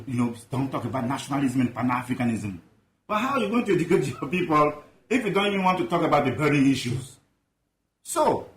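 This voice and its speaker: Guest expert, man from Ivory Coast, emphatic and rhetorical, lightly high pitch. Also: reverberant. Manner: passionate, emphatic, rhetorical questions. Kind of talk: animated interview talk.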